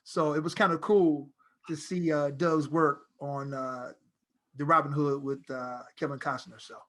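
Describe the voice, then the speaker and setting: Middle-aged male actor as interview guest, slightly high voice, rambling anecdotes told with animation. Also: measured pace. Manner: animated storyteller, loose and rambling. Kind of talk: casual interview conversation.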